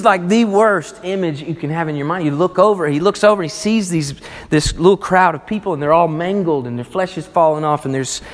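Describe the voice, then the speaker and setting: A man preaching a sermon, animated and acting out the voices of people in his story. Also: fairly high pitch. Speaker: pastor. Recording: long reverb of a large hall.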